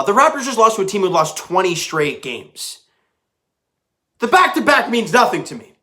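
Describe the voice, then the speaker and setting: A man's voice: sits high, sharp tone. A man recording a casual post-game recap as a fan commentator, talking emphatically and conversationally. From Canada.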